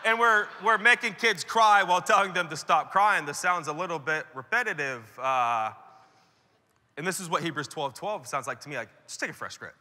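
Bright-voiced male pastor preaching. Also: on the high side, lively intonation, moderate pace, long reverb tail. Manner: conversational preaching, acting out quoted voices. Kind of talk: sermon to church leaders. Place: large conference hall.

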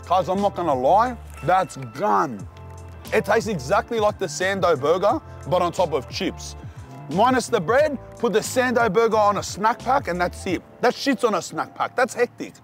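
Young aussie vlogger bloke, high-pitched, slangy and hyped, reviewing truck food outside, faint music under. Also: male voice, moderate pace. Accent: Australian. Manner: excited slangy banter, calls the viewer cuz and bro. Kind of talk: casual food review vlog. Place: outdoors at street food trucks.

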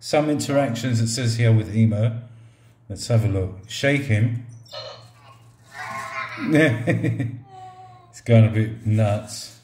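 Middle-aged man, unhurried casual reviewer, joking and chatting to a gadget, recorded in a roomy echoing room. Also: on the low side, slight background noise. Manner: relaxed, joking, talks to the robot like a pet. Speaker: product reviewer. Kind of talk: casual product review vlog. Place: indoors at a table or counter.

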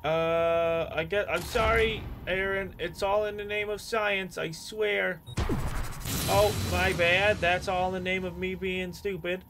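A man streaming a horror game, jumpy and excitable, swearing and shouting at the game. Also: high voice, measured pace, few pauses, noisy background. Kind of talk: gameplay commentary.

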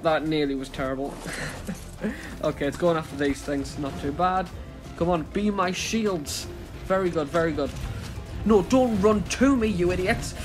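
A young British man commentating his own gameplay, excitable and self-mocking, jumping between chatter and panicked shouts. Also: on the high side. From Britain. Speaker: gaming YouTuber.

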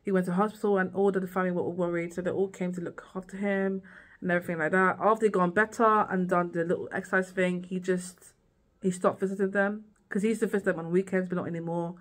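A woman's voice: lowish voice, steady tone, fast talker. A woman vlogging a casual, rambling recap of a TV series, full of "like" and "girl" asides.

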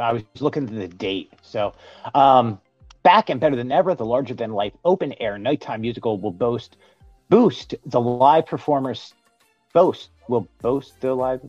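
A man's voice: mid-range voice, a little mellow, breathy edge, dry recording. Man, podcast co-host, casual news chat, stumbling read, dry dull audio. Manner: reads news items with slips and fillers.

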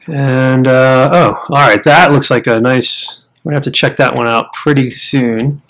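An American man talking through a survival game at a mid pitch. He is chatty and explains each step to the viewers as he goes. Now and then he breaks into loud startled outbursts. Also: fairly even intonation, unhurried. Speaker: gamer showing a survival game. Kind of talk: casual game commentary.

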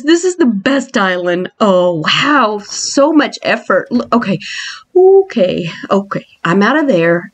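A woman hosting a playful island tour in a game, excitable and mock-scared, exclaiming often. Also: medium pitch. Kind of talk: playful game walkthrough narration.

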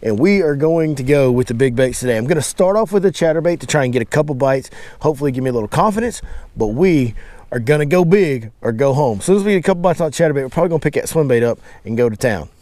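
Fast and animated, this young fishing guide speaks at medium pitch with a darkish tone and no room sound. He hosts his vlog from a boat on an outdoor lake, chatting upbeat and directly to viewers.

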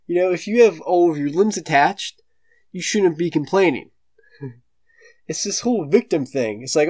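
A teenage male comedic commentator ranting in a sneering, dismissive, slangy way, with slow, drawn-out delivery. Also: fairly high pitch, animated, darkish tone. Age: late teens. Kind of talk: satirical rant reading online posts.

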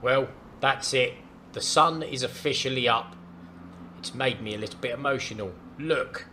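A man's voice: medium pitch, normal speed, pushed and bright, a little hiss or hum. A man hosting his gaming channel, giving casual, jokey, awestruck commentary as he plays.

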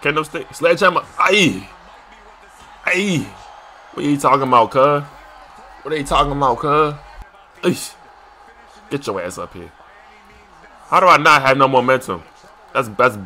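Bright, animated young male gamer. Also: medium pitch. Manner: excitable, shouts and trash-talks at the screen; loose slangy casual speech. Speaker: gaming YouTuber. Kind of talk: live gameplay commentary.

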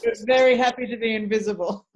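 A woman voice and dialect coach with a slightly high voice talks briskly in an interview, animated and articulate, with some restarted phrases. Slight background noise can be heard.

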